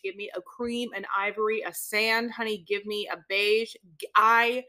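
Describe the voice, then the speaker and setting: Woman podcast co-host, somewhat high voice, sassy and animated, throws in "honey". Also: normal speed. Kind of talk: casual chat recapping reality TV.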